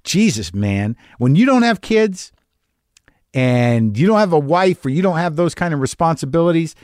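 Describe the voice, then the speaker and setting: A man's voice: fairly high pitch, expressive, moderate pace, darkish tone, no room sound, clean studio sound. A man in his fifties, a podcast host giving a rambling, candid, self-deprecating monologue with plenty of swearing. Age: 50s. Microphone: studio mic in a home garage.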